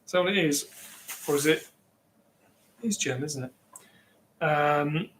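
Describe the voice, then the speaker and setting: Speaking unhurriedly in a fairly high, slightly bright voice, an English-accented man rambles through a relaxed livestream. He chats away and responds to what his viewers say.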